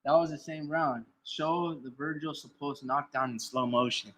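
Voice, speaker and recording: A man's voice: on the high side, fairly even intonation, moderate pace, a bit bright. A man giving casual, profane boxing commentary on a stream, reading out chat comments and arguing back at them. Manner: heated, profane, argues with chat; reads chat comments aloud and answers them.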